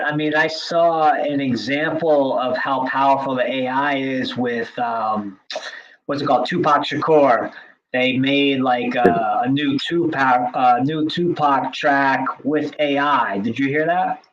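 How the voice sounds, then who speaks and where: A man's voice: medium pitch, steady tone, measured pace, fairly bright tone, dull audio. A man co-hosting a podcast, who also teaches drums, chatting casually with many filler likes and restarts. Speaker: podcast co-host; drum teacher.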